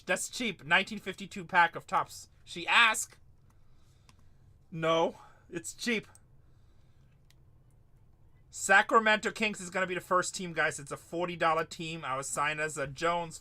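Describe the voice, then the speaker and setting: A man's voice: fairly high pitch, pushed and bright. A middle-aged man hosting a live card break, rambling and joking, casually swearing as he calls out teams. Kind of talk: livestream sales chat.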